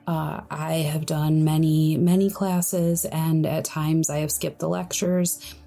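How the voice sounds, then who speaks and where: A young woman hosting a solo podcast, speaking in a quiet, breathy, hushed voice as she gives advice. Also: low-pitched, level tone, slow pace, faint music behind. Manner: hushed, soft-spoken, friendly. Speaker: podcast host.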